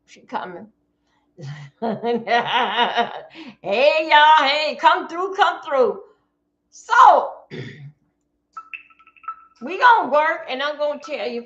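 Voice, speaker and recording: A woman's voice: on the high side, a bit bright, highs cut off. A woman from Florida, giving blunt casual commentary to her live-stream chat from home.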